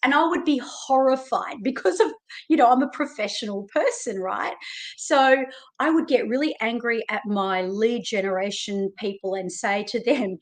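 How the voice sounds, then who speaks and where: A woman with an Australian accent gives a motivational talk to her viewers. Her voice sits a little high and she takes her time, leaning hard on key words and addressing the listener directly. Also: measured pace. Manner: emphatic, animated, speaks directly to listener. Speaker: self-help coach.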